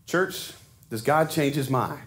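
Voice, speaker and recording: A man's voice: medium pitch, animated, takes it slowly. A man preaching a sermon in a conversational way, often putting rhetorical questions to his congregation. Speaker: pastor.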